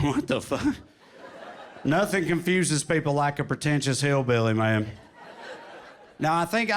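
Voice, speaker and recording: A man in his thirties with a Southern drawl, doing stand-up on a comedy club stage, telling wry stories and putting on quick voices. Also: a little high, a bit bright, slight background noise. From Tennessee. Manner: drawling, wry storytelling with sudden put-on quotes. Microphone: handheld stage mic.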